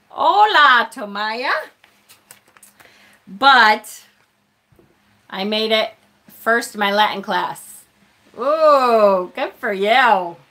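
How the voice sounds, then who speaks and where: A woman's voice: on the high side, pushed and bright. A woman hosting a casual live stream, chatting with viewers as she unboxes a tarot deck, self-deprecating and laughing often.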